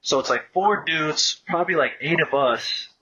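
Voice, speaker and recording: A man's voice: fairly high pitch, moderate pace, pushed and bright, lo-fi sound, a little hiss or hum. A man guesting on a podcast, telling a long story in a rambling, profane, casual way and acting out what people said. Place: podcast studio.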